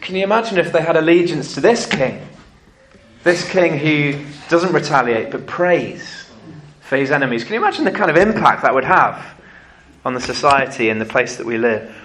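Man preaching a lively sermon. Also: on the high side, moderate pace, a little hiss or hum. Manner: lively storytelling, acting out quotes.

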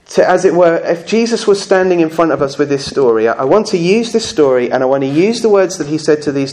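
A man with a slightly high, somewhat mellow voice preaches a sermon at a church service. He's earnest and conversational, using slow, emphatic phrases and touches of humour.

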